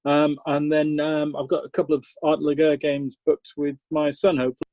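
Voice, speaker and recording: A man's voice: fairly high pitch, flat delivery, a little fast, darkish tone, no room sound, poor audio. An English man in a casual group chat, talking hesitantly with many ums.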